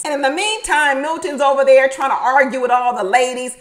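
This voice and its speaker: Recorded in low quality, a high-voiced woman talks fairly quickly through a reality show recap. Animated, emphatic and laughing often, she says the lines she loves two or three times over in a relaxed, chatty way.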